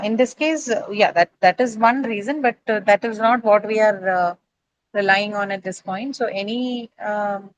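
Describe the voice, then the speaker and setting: A woman's voice: mid-range voice, no room sound, poor audio. A woman teaching English pronunciation in an online class, explaining patiently step by step and checking in with tag questions.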